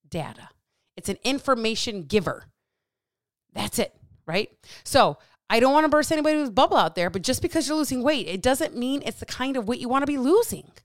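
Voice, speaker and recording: A woman's voice: a little high, no echo, clean studio sound. A woman hosting a solo podcast as a coach, talking bluntly with plenty of swearing and getting heated up. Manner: blunt, profane, fired-up; animated with hands.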